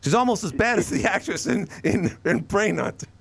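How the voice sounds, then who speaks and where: Male radio talk host, fairly high voice, very lively pitch, rambling, animated. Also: a little fast, gravelly, breathy edge. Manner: animated, rambling, acts out quotes from shows.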